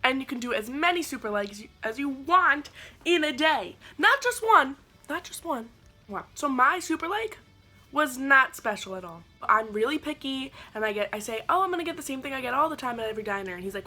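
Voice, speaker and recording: Young woman vlogger, bright voice, slightly high, sarcastic storytelling, faint music. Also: quick pace. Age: 20s. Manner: animated, sarcastic storytelling with quoted asides. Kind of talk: storytelling vlog.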